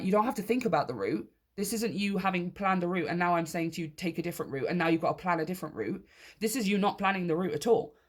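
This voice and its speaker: A woman giving a tarot reading to her viewers, emphatic and animated, often checking in with them. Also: lowish voice. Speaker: tarot reader. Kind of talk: direct-to-camera tarot reading.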